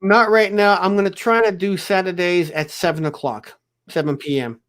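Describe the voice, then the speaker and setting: A man's voice: high-pitched, fairly even intonation, fairly quick, fairly bright tone. A man hosting a casual live stream chat, eagerly thanking his guests and inviting them back.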